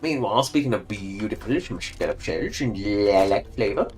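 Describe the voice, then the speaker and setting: A man's voice: fairly low pitch, animated, moderate pace, a little mellow, soft background music. A man giving casual, joking commentary while livestreaming a game and talking to its characters. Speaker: streamer.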